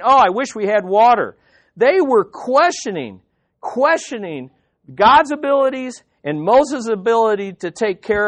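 A man from the United States delivers a sermon in a high, bright-pitched voice, recorded close and dry with no room sound. He reads scripture slowly and deliberately. In his own commentary he is animated, jumping between loud emphasis and hushed, intimate asides. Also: no room sound. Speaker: pastor.

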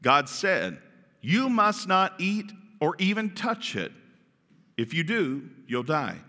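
A man's voice: a little high, very animated, takes it slowly, pushed and bright, long reverb tail, voice pushed down, heavily acted. A man reading the lines of an earnest, obedient first woman in sermon style.

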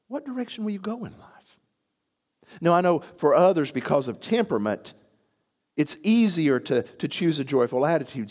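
A man preaching a sermon, moving from quiet reflection to emphatic, rising declarations. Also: fairly high pitch. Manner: animated, rising to emphatic near-shouts on key phrases. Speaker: pastor.

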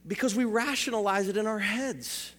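A man with a strikingly high voice preaches a sermon to his congregation. He asks rhetorical questions and repeats phrases for emphasis. His voice carries a long echo through a big church hall. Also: moderate pace, fairly bright tone. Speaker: pastor.

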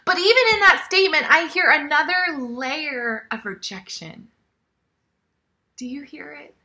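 Bright-voiced woman giving a sermon. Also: high-pitched, measured pace. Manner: conversational, often dropping to a soft near-whisper.

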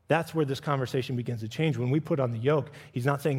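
A middle-aged man preaching a sermon as pastor, acting out quoted voices with animated swings of pitch. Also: fast talker, breathy edge. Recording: long reverb of a church hall.

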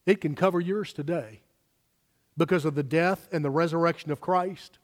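A pastor delivers his sermon in a raised, high-pitched voice, pressing hard on the words he wants to land. The sound carries the long reverb of a large church hall. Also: fairly bright tone. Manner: emphatic, slows down for stress.

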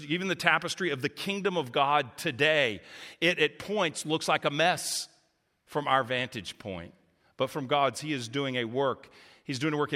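A man preaching a sermon with a bright, forceful voice pitched a little high. His delivery is passionate when he voices cries to God and settles into reflective teaching. The sound carries a long reverb, as in a large church hall. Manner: impassioned, rising pitch on voiced laments to God. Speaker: pastor.

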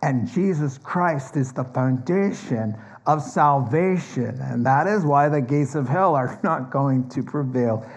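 A male pastor delivering a sermon at an unhurried, deliberate pace, with a voice of middling pitch. He teaches scripture patiently in a conversational way, then presses his key points with earnest emphasis. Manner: earnest, emphatic preaching that climbs higher and louder on key points. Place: church.

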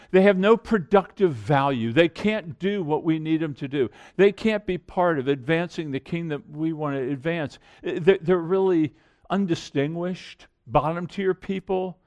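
Animated man preaching a sermon. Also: fairly high pitch. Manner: earnest, conversational preaching with rising emphasis. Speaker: pastor.

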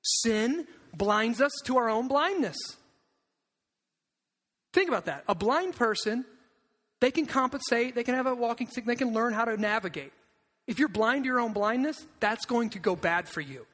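A pastor giving an animated, emphatic sermon, acting out quotes in different voices. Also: male voice, extremely high pitch, normal speed, in a large hall.

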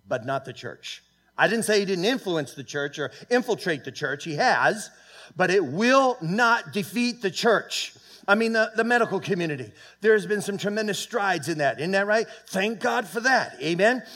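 Male pastor, fairly high voice, emphatic sermon delivery with halting restarts. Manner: emphatic preaching that swings between loud peaks and quiet, low asides; halting, with many fillers and restarts. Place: church sanctuary.

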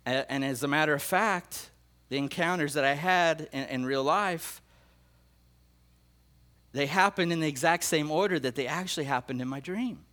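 A man's voice: a little high, moderate pace, sharp tone. Earnest man preaching about his dreams. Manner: earnest, repetitive, emotional storytelling with restarts. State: emotional. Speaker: pastor. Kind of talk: sermon sharing prophetic dreams.

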